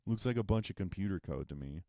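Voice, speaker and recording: A man's voice: low voice, lively intonation, fast, vocal fry, mellow, dry recording, clean studio sound. A man hosting a podcast, telling a sarcastic, profane and exasperated comedic monologue. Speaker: podcast host.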